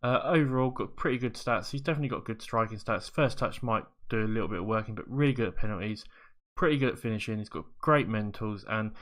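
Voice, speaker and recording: A man's voice: fairly low pitch, fast, a bit bright. A man giving casual commentary over a football management game, rambling and correcting himself as he goes. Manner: rambling, self-correcting, upbeat. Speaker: video game streamer.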